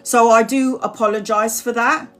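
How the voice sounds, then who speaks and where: A woman's voice: a little high, fairly even intonation, normal speed, fairly bright tone. Apologetic woman tarot reader on a live stream. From Brazil. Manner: apologetic, earnest, repeats herself.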